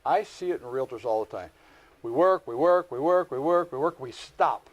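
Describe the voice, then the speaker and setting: A middle-aged man teaching a live real estate class, lecturing with folksy stories and animated asides. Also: medium pitch, normal speed, dull audio.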